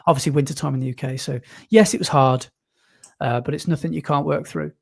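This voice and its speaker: A man's voice: fairly high pitch, fairly even intonation, brisk, gravelly. A man from the UK co-hosting a running podcast, chatting casually with lots of fillers and restarts. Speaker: podcast co-host. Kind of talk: casual chat.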